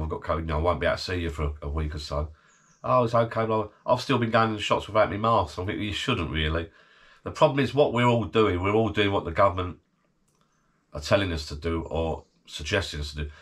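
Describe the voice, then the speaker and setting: A man's voice: deep voice, a bit bright, slightly rough. A middle-aged man recovering from illness, chatting casually to his channel from his garden bar shed, rambling and laughing often. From United Kingdom. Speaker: channel host. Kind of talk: casual vlog chat.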